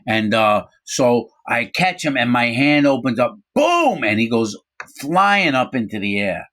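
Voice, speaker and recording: A middle-aged man casually telling a story from his own life, animated, acting out quoted voices, with frequent fillers. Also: medium pitch, measured pace. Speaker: storyteller recounting his prison time.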